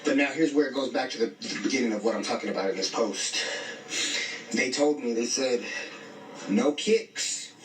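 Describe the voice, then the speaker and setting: A man with a mid-range voice tells a story at normal speed in casual street slang, bluntly quoting himself and others along the way. The recording sounds echoey and distant, with faint music.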